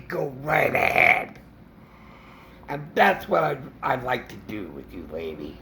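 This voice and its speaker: Indignant slow-talking man ranting. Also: on the high side, sing-song, vocal fry, a bit bright, a little hiss or hum. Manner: indignant, halting with fillers and restarts. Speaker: vlogger. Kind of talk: opinion rant to camera.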